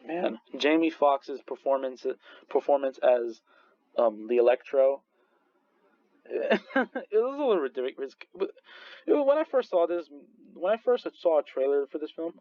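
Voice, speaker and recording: Male vlogger, casual rambling movie reviewer, mid pitch, dry slightly muffled recording. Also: lively intonation, normal speed, dry recording. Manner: rambling, full of restarts and fillers, laughs often. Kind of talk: casual chat.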